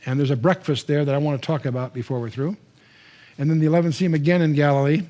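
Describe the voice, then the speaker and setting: An older man teaching the Bible to a live audience, telling the stories in a conversational, animated way with frequent restarts. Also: sits high.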